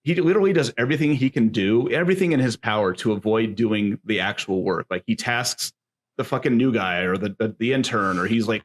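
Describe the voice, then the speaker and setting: A man's voice: lowish voice, a little fast. A man co-hosting a podcast, rambling through a casual movie review and swearing freely. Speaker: podcast co-host.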